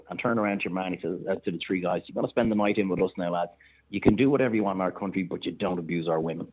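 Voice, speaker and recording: An Irish man, a chef and restaurant owner, telling stories in a lively way on the radio and acting out the people he quotes. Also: low voice. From Ireland. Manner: animated anecdote-teller, acts out quoted voices. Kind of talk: casual radio storytelling. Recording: thin phone-line sound.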